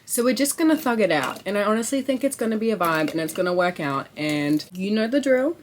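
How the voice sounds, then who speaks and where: A young woman chatting to camera in a casual vlog, excitable and rambling, with lots of swearing and filler words. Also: mid-range voice, brisk, noisy background. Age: young adult. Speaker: vlogger.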